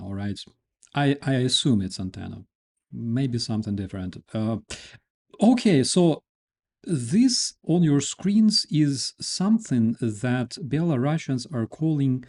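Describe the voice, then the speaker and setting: A man's voice: mid-range voice, mellow. A man with Ukrainian as his first language, hosting a casual news commentary, sarcastic and often laughing. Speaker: host.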